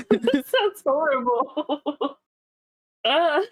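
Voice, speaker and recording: High-voiced woman streamer, giggly, swears freely, dry close desk mic. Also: animated, very slow, no room sound. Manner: laughs a lot, swears freely. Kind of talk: casual chat.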